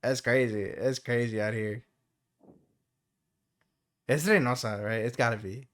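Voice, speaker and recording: A man's voice: medium pitch, fairly even intonation, measured pace, fairly bright tone. A man co-hosting a podcast in casual chat, laid-back, swearing freely and laughing often. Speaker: podcast co-host.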